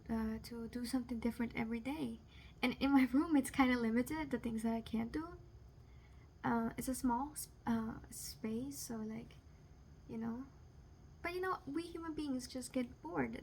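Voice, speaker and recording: A young woman speaks to her viewers in a loose, rambling way, with a voice sitting a little high. She fills her talk with "like" and "you know" and laughs off what troubles her. A faint hum sits behind her. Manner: rambling, many fillers, laughs off serious things. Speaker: vlogger. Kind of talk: casual confessional vlog.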